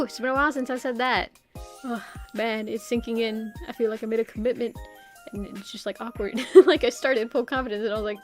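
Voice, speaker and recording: A woman's voice: fairly high pitch, fairly quick, faint music behind. A young woman streamer chatting casually and rambling, with lots of "like" and frequent laughs. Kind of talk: casual live-stream chat.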